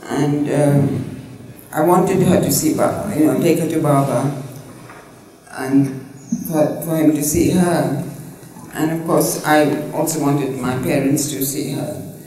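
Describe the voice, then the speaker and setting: Brief: older Indian-born woman telling stories, mellow tone, mic far off in an echoey room. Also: low voice, fairly even intonation. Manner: rambling, halting storyteller with many fillers. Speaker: interviewee. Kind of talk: personal reminiscence. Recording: roomy, distant mic.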